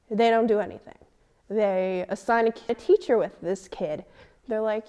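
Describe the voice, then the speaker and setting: A teenage girl telling a personal story in an interview, animated and indignant, acting out the dialogue. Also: mid-range voice, normal speed, clear, resonant tone. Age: teens. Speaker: student interviewee.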